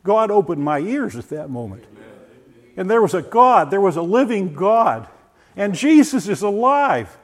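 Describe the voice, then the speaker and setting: An older man giving a personal testimony, animated and full of restarts, acting out voices as he tells the story. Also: high-pitched, measured pace. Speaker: former science teacher giving a testimony. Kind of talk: personal testimony talk to a group.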